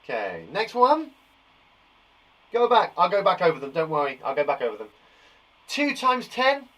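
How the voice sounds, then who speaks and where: A man's voice: sits high, huge pitch swings, normal speed, a bit bright, low-quality recording. A man teaching young children maths in a chatty, reassuring live lesson. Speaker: primary school teacher.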